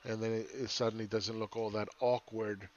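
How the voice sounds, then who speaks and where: A man's voice: fairly low pitch, level tone, a little fast, darkish tone, lo-fi sound, slight background noise. A man giving casual, rambling live chart commentary as a market analyst, often asking "right?".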